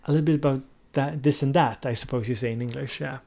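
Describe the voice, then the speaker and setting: A man's voice: medium pitch, fairly even intonation, fast, gravelly, darkish tone. A male livestream host chats easily with his viewers and answers their comments as he goes. He thinks aloud and now and then stops to search for the right English word.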